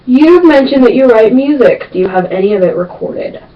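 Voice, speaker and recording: A woman's voice: fairly high pitch, expressive, a little fast. A young woman answering viewer questions in a casual vlog, chatty and emphatic, repeating words for stress. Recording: distant, dull lo-fi webcam sound.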